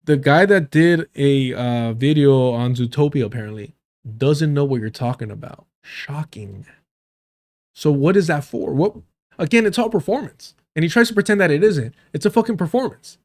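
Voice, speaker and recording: A man's voice: on the high side, normal speed. A man hosting a live stream, ranting in profane, mocking commentary while reacting to a debate clip. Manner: profane, mocking, animated rants to chat. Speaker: streamer host reviewing a debate.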